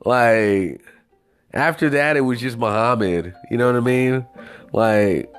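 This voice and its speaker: A man telling a story in a casual, profane, rambling rant with lively swings of pitch. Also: takes it slowly, faint music behind.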